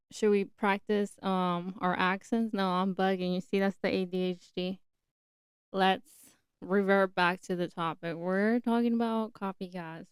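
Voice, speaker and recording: A young woman hosts her podcast in a chatty, opinionated run of talk. Her voice is smooth and clear at a middle pitch. The recording is close and dry. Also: steady tone, unhurried, no room sound. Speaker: podcast host. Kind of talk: casual solo podcast talk.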